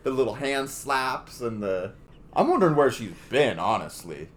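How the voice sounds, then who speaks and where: A man's voice: mid-range voice, very animated, normal speed, a little hiss or hum. A man co-hosting a podcast in casual chat, profane and opinionated, speeding up when he rants. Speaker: podcast co-host.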